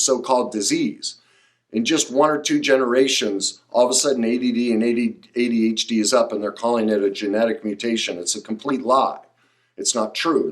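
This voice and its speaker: Man, podcast host, middle-aged, emphatic, passionate, preachy, mid-pitched. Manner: emphatic, preachy, rising to excited outbursts. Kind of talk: passionate solo podcast monologue.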